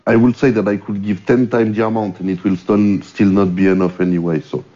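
A man from French-speaking Switzerland with a Swiss French accent, speaking in halting English as a returning guest and repeating words as he searches for them. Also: lowish voice, flat delivery, warm tone. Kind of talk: casual chat. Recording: muffled lo-fi audio.

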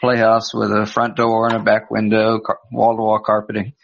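A man's voice: fairly low pitch, completely flat delivery, moderate pace, gravelly, lo-fi sound, a little hiss or hum. A middle-aged American man telling dry, hesitant stories in casual podcast chat over an online call. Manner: laid-back, dry storytelling with hesitations.

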